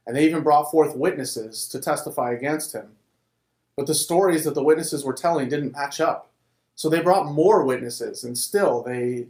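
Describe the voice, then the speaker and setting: A man's voice: mid-range voice, darkish tone. Conversational male storyteller in an echoey room. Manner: conversational, with restarts. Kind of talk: casual oral Bible storytelling. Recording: roomy echo.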